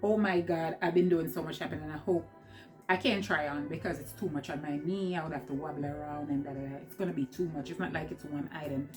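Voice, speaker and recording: A woman's voice: low-pitched, fairly even intonation, quick pace, over music. A woman with a Jamaican accent talking through a clothing haul in a chatty, rambling way, laughing often, seated at home. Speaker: vlogger. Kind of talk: casual haul vlog.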